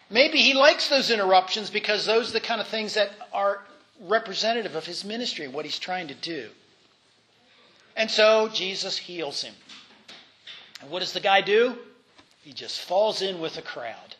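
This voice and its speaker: A man's voice: high-pitched, moderate pace, sharp tone. A man giving an informal Bible lesson in a conversational way, with fillers, restarts and voiced asides. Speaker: Bible teacher.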